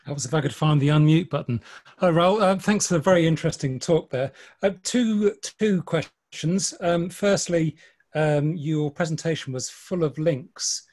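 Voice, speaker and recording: A club member on a video call asking two questions, hesitant with many ums. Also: male voice, a little high, moderate pace, darkish tone.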